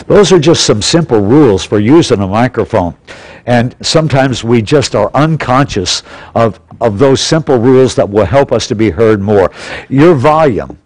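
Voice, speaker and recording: A man's voice: medium pitch, lively intonation, moderate pace, a little mellow, no room sound, low-quality recording. A man teaching a practical church class in an auditorium, plainly and instructively, repeating his key points. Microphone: stationary pulpit mic.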